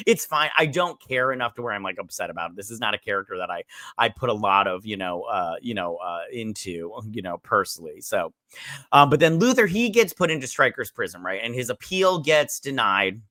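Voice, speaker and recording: Bright, dry-voiced man rambling casually. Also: mid-range voice, no echo. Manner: rambling, filler-heavy, swears, acts out quotes. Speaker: show host reviewing a TV episode. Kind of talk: casual review chat.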